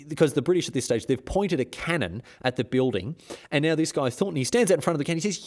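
A man's voice: fairly high pitch, lively intonation, fast talker, a little mellow. A man, hosting a history podcast in an irreverent, joking way with frequent restarts. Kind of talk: casual history storytelling.

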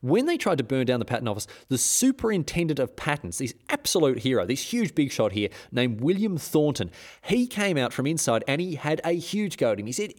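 Male history podcast host, irreverent, jokey, mid pitch. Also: very animated, a little fast. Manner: irreverent, joking, many restarts and chuckles. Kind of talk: casual history storytelling.

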